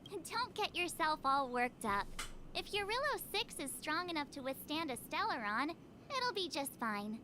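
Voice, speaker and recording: An actress voicing an upbeat young woman companion in a game, reading her lines slowly and with careful enunciation. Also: high-pitched, big pitch swings, sharp tone, heavily acted. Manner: slow, over-enunciated line reading. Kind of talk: game character dialogue. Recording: game audio with faint background noise.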